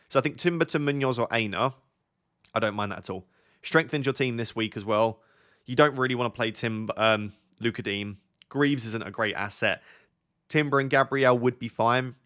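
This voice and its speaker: A young man with a southern English accent talks casually on a live stream, reading out viewers' messages and answering them. His voice sits in an ordinary middle register and his manner is relaxed and friendly, thinking aloud as he goes. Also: medium pitch. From Essex, England. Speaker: fantasy football streamer.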